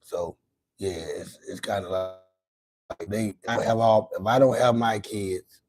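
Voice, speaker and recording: A man with grown children hosts a casual late-night livestream, his voice on the low side, slow and a little mellow, with a rough recording. He talks in a loose, rambling, profane way, often repeating himself and restarting his words.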